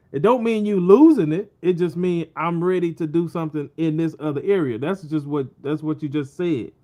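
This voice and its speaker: A man hosting a podcast in a relaxed, informal way, affirming his guest. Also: a little high. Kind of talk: casual chat.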